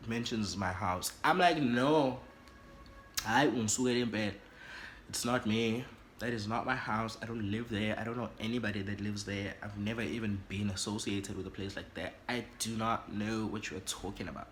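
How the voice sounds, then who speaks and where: South african guy doing a storytime vlog, dramatic and animated, faint hiss behind. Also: fairly low pitch, normal speed. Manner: animated and dramatic, switches languages. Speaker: YouTuber.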